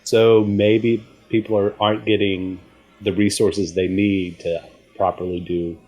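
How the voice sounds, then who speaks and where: A middle-aged man co-hosts a podcast in casual conversation. His voice sits a bit low. He talks in a measured, agreeable way and thinks aloud as he goes. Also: little pitch movement, warm tone, husky, soft background music. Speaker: podcast co-host. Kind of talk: casual chat.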